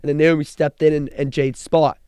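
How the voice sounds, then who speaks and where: An excited young man co-hosts a casual podcast, rambling eagerly through a recap and restarting his sentences. His voice sits a little high and sounds smooth and resonant. The recording is dry and close. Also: normal speed, dry recording. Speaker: podcast co-host. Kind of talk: casual chat.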